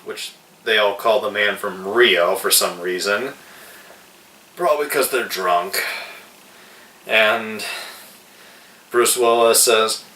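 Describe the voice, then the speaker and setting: A man reviewing a film in a casual, hesitant way, pausing often with fillers. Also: on the low side, sharp tone. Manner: slow, hesitant, with many fillers. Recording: roomy echo, distant mic.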